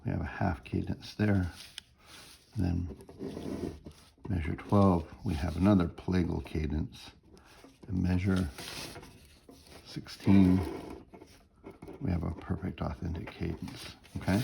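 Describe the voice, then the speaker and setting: Very deep gravelly male music teacher. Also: fairly even intonation, unhurried, long pauses, warm tone, a little hiss or hum. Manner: explains step by step, hums melody fragments, checks in with "right?". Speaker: music theory instructor. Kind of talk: recorded lecture walkthrough.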